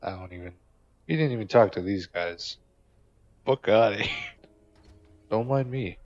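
A man's voice: lowish voice, measured pace, darkish tone, highs cut off. A man giving casual, joking gameplay commentary, swearing and talking back to game characters. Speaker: gamer.

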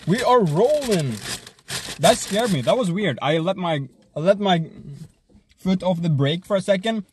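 A man streaming himself eating fast food, joking around, swearing often, and humming between bites. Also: sits high, lively intonation, a little hiss or hum. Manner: hyped, joking, swears a lot, chews and hums between bites.

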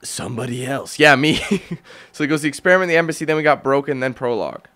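A man's voice: mid-range voice, fast, pushed and bright. A man giving casual, joking gameplay commentary, laughing and teasing as he plays. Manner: joking, laughing, trolling banter. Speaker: let's play commentator.

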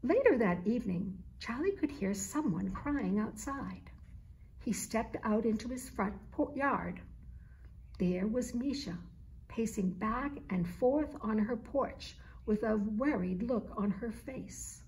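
Slow, clear woman reading to kids. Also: fairly high pitch, expressive, darkish tone, slight background noise. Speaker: children's book author. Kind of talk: reading a children's picture book aloud.

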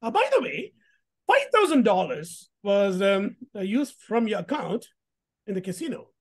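A woman voicing a smooth, persuasive male scam caller who gives calm, reassuring instructions. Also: mid-range voice, normal speed, voice pushed down.

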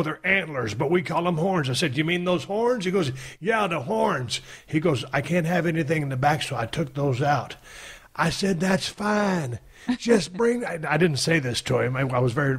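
A man hosting a podcast, telling a story in a casual, profane, animated way and acting out the people he quotes. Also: fairly high pitch, husky. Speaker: podcast host.

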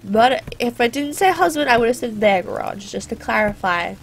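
A teenage girl with a bright, high voice talks casually over her gameplay. She rambles and wanders into playful, sarcastic asides. Her voice sits well above most women's. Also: expressive, normal speed, slight background noise. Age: teens. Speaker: gaming channel host.

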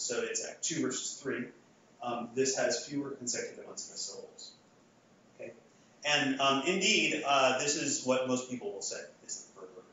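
A man lectures to a room, polling the audience and talking loosely with plenty of fillers and restarts. He sits at a middle pitch, and his voice sounds distant from the mic. It reaches the listener through a heavily echoing hall with a dull, muffled tone. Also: brisk, sharp tone, slight background noise. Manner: conversational, frequent restarts and fillers.

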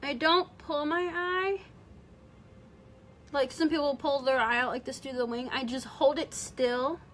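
Young woman, beauty vlogger, high-pitched, bright, rambling, casual makeup chat, at home. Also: fairly even intonation, measured pace, a little hiss or hum. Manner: chatty, rambling, heavy use of "like". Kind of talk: casual makeup tutorial livestream.

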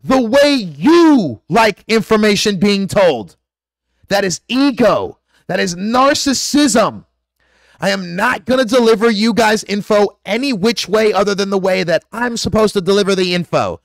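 A conspiracy vlogger launches into an aggressive, profane, preachy rant directly to his viewers on camera. His high-pitched voice is expressive and unhurried, captured in studio quality with no echo.

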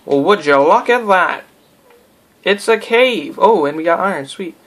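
A young man with a fairly high, slightly bright voice speaks unhurriedly yet animatedly. Doing let's-play commentary, he rambles casually, goofs around, and talks to himself and to the game.

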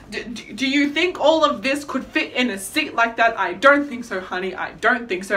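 A woman chatting to camera in a casual vlog, telling stories in an animated, dramatic, self-mocking way. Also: fairly high pitch, recorded from a distance. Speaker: vlogger.

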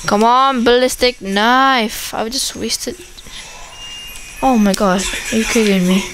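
Woman, gameplay commentator. Unhurried delivery, chatters excitedly at the game, faint hiss behind. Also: fairly high pitch, rough recording. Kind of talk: casual commentary over a zombie shooter game.

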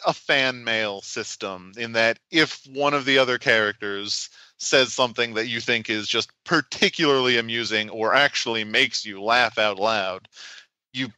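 A man's voice: mid-range voice, moderate pace, sharp tone, clean tone, no room sound, poor audio. A man, a game designer, explaining his tabletop game in a podcast interview, thoughtful and full of restarts.

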